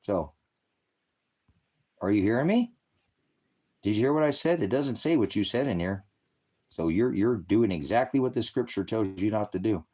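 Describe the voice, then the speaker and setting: Profane, combative low-voiced man. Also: animated, moderate pace, long pauses, warm tone. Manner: heckling and lecturing. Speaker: ministry livestream host. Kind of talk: livestream rant at chat commenters.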